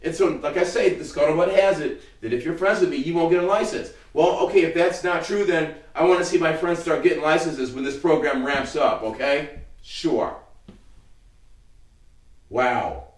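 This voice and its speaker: A man's voice: on the high side, a little fast. A middle-aged man hosting his own legal commentary, talking casually in a heated, rambling and profane way. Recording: roomy sound from a distant mic.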